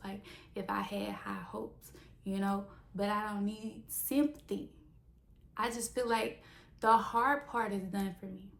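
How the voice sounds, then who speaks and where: A young woman, a small business owner, telling a story in a casual vlog with animated, mock-dramatic flair. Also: mid-range voice, gravelly. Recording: roomy echo.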